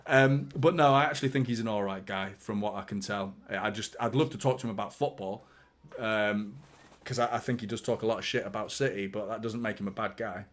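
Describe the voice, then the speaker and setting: A man's voice: on the low side, brisk. A young man hosts a live football fan reaction, passionate and blunt, with plenty of swearing. He riffs on the match and answers viewers' chat messages as they come in. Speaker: football fan channel host.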